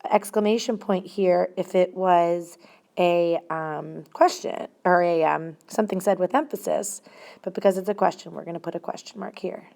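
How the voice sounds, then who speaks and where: A woman's voice: on the low side, steady tone, normal speed, gravelly, dark tone. A woman teacher giving a grammar lesson, explaining step by step and stressing single words.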